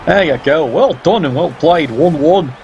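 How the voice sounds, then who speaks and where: A man's voice: a little high, unhurried, darkish tone, highs cut off, soft background music. Sardonic man commentating a game. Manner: sardonic, teasing, swears freely. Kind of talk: casual play-by-play commentary.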